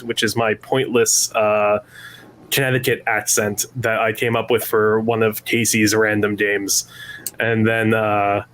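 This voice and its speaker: A man's voice: medium pitch, a bit bright. Rambling young man chatting. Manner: rambling, self-interrupting, laughs often. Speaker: podcast player. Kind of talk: casual chat.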